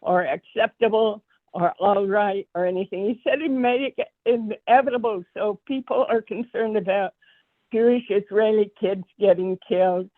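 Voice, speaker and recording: A woman's voice: medium pitch, fairly even intonation, moderate pace, no room sound. A woman in the audience asking an earnest, insistent question. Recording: tinny dry phone line.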